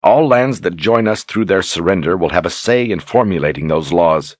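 A man voicing a young queen who reads a grave letter aloud, solemn and measured, in a storybook reading. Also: low voice, animated, dry recording, studio quality.

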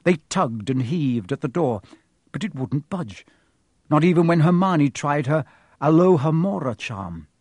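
A man narrating a storybook aloud with a husky voice, reading expressively and giving each character a voice. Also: a little high, expressive, unhurried, a little mellow, no echo.

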